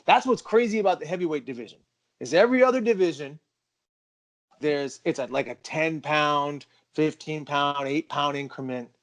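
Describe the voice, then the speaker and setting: A middle-aged man co-hosting a martial arts talk show, slightly high-voiced and full of bravado. He spins stories with energy and cocky asides. It sounds like a relaxed conversation between friends. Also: normal speed. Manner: animated, boastful storyteller. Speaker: podcast co-host. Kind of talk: casual chat.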